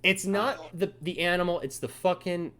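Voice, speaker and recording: This podcast host has a high-pitched voice and speaks at a moderate pace. In a casual chat, he animatedly recounts an angry story full of profanity, performing the quotes as he goes.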